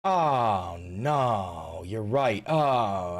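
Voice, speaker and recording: A man hosting a live stream, ranting about politics with heavy swearing and sudden shouts. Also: medium pitch, animated, very slow, few pauses. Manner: profane, ranting, bursts into shouting. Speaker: livestream host.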